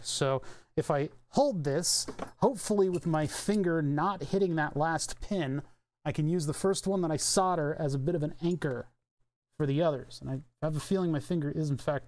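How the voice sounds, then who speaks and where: A man's voice: a little high, a little fast, a little mellow. Rambling man thinking aloud at a workbench. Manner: rambling, offhand, thinks aloud, swears casually. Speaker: electronics streamer. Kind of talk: casual live-stream chat while soldering. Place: home electronics workbench.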